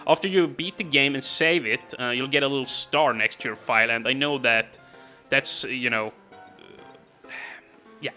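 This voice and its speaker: A man's voice: mid-range voice, normal speed, pauses often, pushed and bright, soft background music. A man casually commenting on a game he plays, chatty and rambling, with frequent laughs and fillers. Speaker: let's play commentator.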